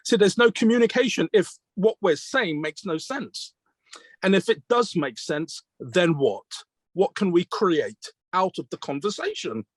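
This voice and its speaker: British male magician, interview storyteller, voice on the high side, dry close recording. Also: expressive, measured pace, no room sound. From Britain. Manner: retells mentors' advice as quoted dialogue, with questions and answers; earnest, reflective. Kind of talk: conversational storytelling.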